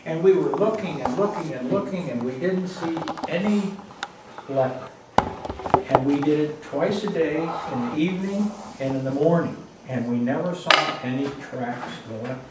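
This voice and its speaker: Recorded from a distance in a very echoey space with faint noise, a man acts as storyteller for a personal anecdote. Speaking at a moderate pace in a slightly high voice, he stays casual and plain, using repetition to build suspense.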